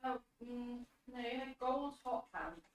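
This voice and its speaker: A woman's voice: fairly high pitch, flat delivery, measured pace. A tired, laid-back woman chatting casually in a room at home. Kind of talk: casual off-mic chat. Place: room at home, away from the mic. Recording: distant off-mic voice, noisy room.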